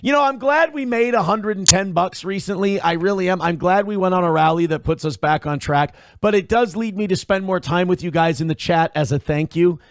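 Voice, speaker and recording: A high-pitched man hosts a casual livestream and reads out donations to his viewers. He swings between hyped, loud bursts and low, muttered asides. The sound is dry and close, with no room around it. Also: brisk, hardly any pauses, no room sound. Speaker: livestream host.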